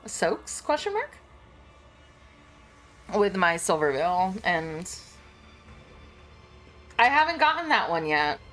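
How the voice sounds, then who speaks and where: A woman streamer with a slightly low voice, chatty and quick to laugh. She swears casually and reads game text aloud between her remarks. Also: sing-song, fairly bright tone, faint music behind.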